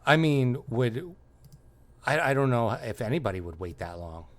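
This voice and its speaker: A man co-hosting a casual comedy podcast, telling stories in a dry, low-key, deadpan way. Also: normal speed. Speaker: podcast co-host.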